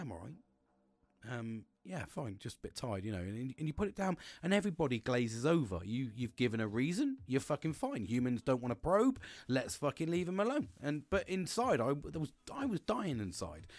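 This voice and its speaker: Recorded with no echo, a mid-pitched middle-aged man hosting a podcast recounts something from his own life. He's blunt and heavily profane, wandering off and starting over as he goes.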